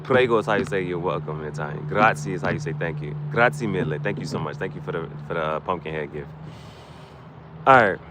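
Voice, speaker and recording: A man's voice: low-pitched, background noise. Rambling casual male game streamer. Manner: rambling, restarts a lot, breaks into quick rap freestyles for gifts. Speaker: gaming streamer. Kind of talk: casual game commentary with gameplay tips.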